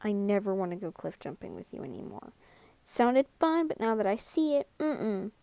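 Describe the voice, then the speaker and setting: A woman's voice: medium pitch, very animated, moderate pace, gravelly, dark tone, no room sound. A woman voicing a worried, protective boy in a fan story reading, earnest and pleading.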